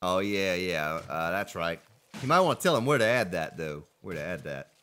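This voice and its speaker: A man's voice: deep voice, very animated, moderate pace, a bit bright, smooth. A man streaming a survival game, chatting casually with viewers and greeting them by name. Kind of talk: casual gameplay commentary.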